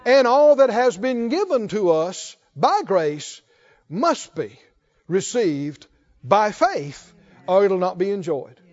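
A male pastor preaching a sermon, slow and emphatic, rising to fervent calls to his congregation. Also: sits high, sing-song, darkish tone, highs cut off.

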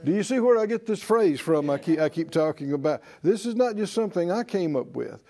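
A man's voice: high voice, animated, a little fast, mellow. A man teaching a Bible faith class in a sermon style, emphatic and repetitive, leading the class in call-and-response.

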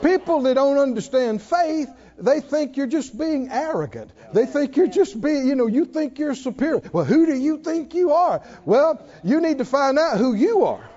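A man preaching a sermon, swinging from near-shouts down to hushed tones, often laughing between lines. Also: extremely high pitch, expressive, normal speed, hardly any pauses, muffled recording. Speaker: pastor.

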